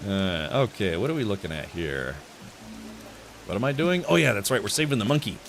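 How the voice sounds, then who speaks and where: A man with a lowish, gravelly voice talks animatedly and fairly fast over soft background music. He's live-streaming a video game and chatting casually with viewers, rambling, laughing a lot, and restarting his sentences.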